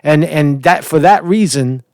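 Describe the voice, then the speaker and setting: A man's voice: fairly high pitch, unhurried, darkish tone, no echo, studio quality. A man giving casual political commentary, rambling and opinionated, who often repeats words and restarts sentences.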